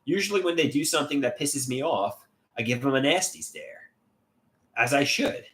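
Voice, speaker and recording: A man's voice: medium pitch, animated, moderate pace, fairly bright tone. A man hosting a casual livestream, reading chat comments aloud and rambling with many repeated, restarted words. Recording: echoey room.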